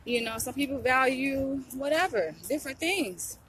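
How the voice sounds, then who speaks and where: A woman's voice: sits high, animated, moderate pace, a bit bright, a little hiss or hum. A young woman, vlogging to camera in a blunt, preachy way, often asking if you get what she's saying. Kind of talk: casual talk to camera.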